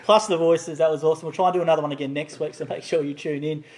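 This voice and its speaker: Fast-talking host. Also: male voice, on the high side, fairly even intonation, darkish tone. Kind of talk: casual live stream hosting.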